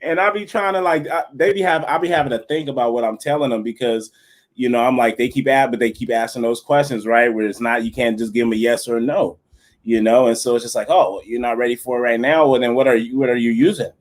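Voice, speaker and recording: A man's voice: mid-range voice, fast. Slangy young man, laid-back banter. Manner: slangy, laughing, says bro a lot. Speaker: podcast co-host. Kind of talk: casual podcast chat.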